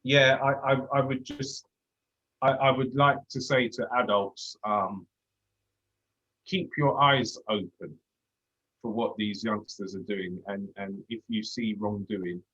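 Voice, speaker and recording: Cockney man, thirties, low husky voice, earnest and reflective, dull lo-fi audio. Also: fairly bright tone. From London. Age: 30s. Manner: earnest, reflective, with frequent restarts. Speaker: discussion guest, former police officer. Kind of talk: casual discussion.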